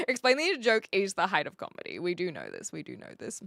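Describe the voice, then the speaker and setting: A woman's voice: medium pitch, huge pitch swings, moderate pace, vocal fry, fairly bright tone, no echo, clean studio sound. A woman with a New Zealand accent chatting casually on a live stream, reading out chat messages with a rambling, self-deprecating manner and frequent laughs.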